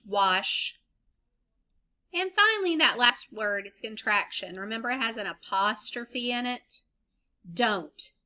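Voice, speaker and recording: Bright-voiced teacher spelling slowly for kids. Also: female voice, fairly high pitch, expressive. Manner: slow, deliberate spelling and sound-blending for kids. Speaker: elementary school teacher. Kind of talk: remote phonics lesson for young children.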